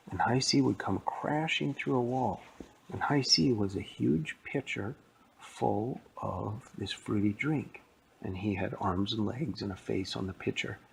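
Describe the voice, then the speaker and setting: A man's voice: lowish voice, creaky, slight background noise, rough recording. A man telling a playful, rambling story that he makes up as he goes. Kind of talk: improvised spoken story.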